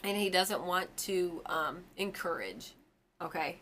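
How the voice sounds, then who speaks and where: A woman's voice: fairly low pitch, expressive, takes it slowly, a bit bright, a little hiss or hum. A woman in her forties hosting a fan channel, chatting casually and rambling about a TV episode with lots of ums and side stories. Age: 40s.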